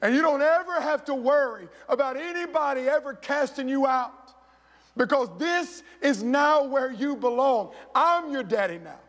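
The recording, made in an echoey church hall, catches a pastor with an extremely high, slightly bright voice delivering his sermon at normal speed. He weaves in stories and gives each quoted figure a voice of their own.

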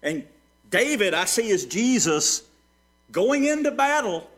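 A man preaching a sermon, moving from hushed storytelling to ringing rhetorical questions that he answers himself. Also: sits high, big pitch swings, measured pace. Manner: preaching with sweeping swings between soft and loud. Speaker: pastor.

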